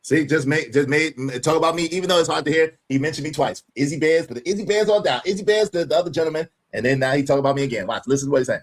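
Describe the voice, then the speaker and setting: A man hosting a live stream, reacting to a clip with loud, mocking commentary. He laughs often and repeats phrases for emphasis. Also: fairly high pitch, rapid-fire, few pauses. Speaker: livestream host.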